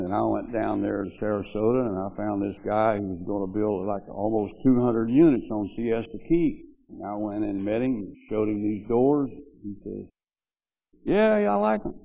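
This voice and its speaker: With a lowish, steady voice at a normal speed and some vocal fry, an older man eulogizes an old friend before mourners at a memorial. His folksy anecdotes ramble, full of "you know"s, and the audio sounds narrow and tinny.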